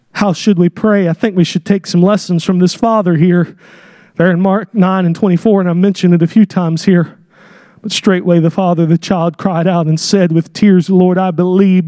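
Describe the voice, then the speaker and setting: A man preaching a sermon in a church, speaking in an emphatic, impassioned way that swells into shouts, with direct, folksy wording. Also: sits high, no echo, clean studio sound. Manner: folksy, direct, with casual slang. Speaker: pastor. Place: church sanctuary.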